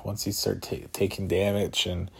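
A man's voice: low voice, little pitch movement, moderate pace, vocal fry, fairly bright tone, slightly rough. A man talking casually on his own, tired and yawning, rambling with lots of fillers and chuckling to himself. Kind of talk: casual solo talk about combat sports.

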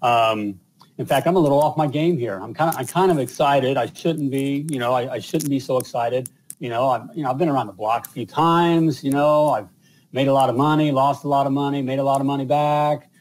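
A man's voice: mid-range voice, fairly quick, a little hiss or hum, low-quality recording. A man, hosting a live show in casual, rambling talk full of fillers and repeated "all right?". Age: 50s. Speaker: podcast host.

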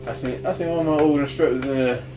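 A man hosting a podcast, telling a casual story that he keeps laughing through and dropping into quiet, low asides. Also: steady tone, fast, slight background noise. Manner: laughs through his stories, drops low and quiet when quoting himself. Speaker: podcast host.

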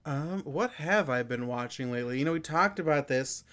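A man's voice: fairly high pitch, animated, moderate pace, fairly bright tone. A man co-hosting a podcast as its producer, chatting casually with a rambling, hesitant delivery. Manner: rambling, hesitant, many fillers and restarts.

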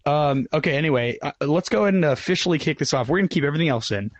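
A man's voice: fairly high pitch, lively intonation, very fast, no echo. Easygoing man hosting a podcast over the phone. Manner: joking, easygoing banter. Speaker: podcast co-host. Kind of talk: casual live podcast chat. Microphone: phone call.

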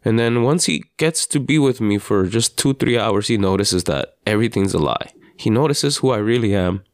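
A father hosting a podcast, telling his story in an earnest, halting personal monologue with frequent restarts. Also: lowish voice, lively intonation, no room sound, studio quality. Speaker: podcast host.

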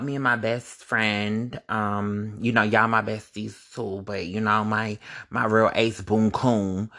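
A young man telling a casual, animated storytime to his viewers, profane and full of sudden high-pitched outbursts. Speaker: vlogger.

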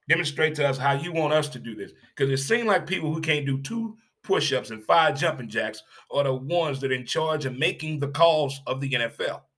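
A man delivering an animated, opinionated sports rant, emphatic and repetitive, with rhetorical questions and blunt, casual swearing. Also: medium pitch. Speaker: sports commentator.

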